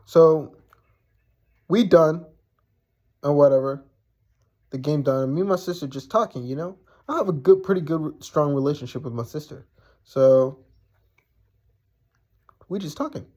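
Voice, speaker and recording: A man's voice: on the high side, measured pace, long pauses, darkish tone. Young man telling a blunt storytime. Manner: profane, blunt, rambling with many fillers. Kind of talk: casual storytime.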